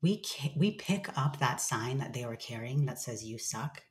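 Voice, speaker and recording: This woman has an unusually deep, low voice. She talks openly and reflectively as an interview guest. She swears offhandedly and slips into playful voices when quoting her own self-talk. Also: lively intonation, normal speed. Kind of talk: candid conversational sharing.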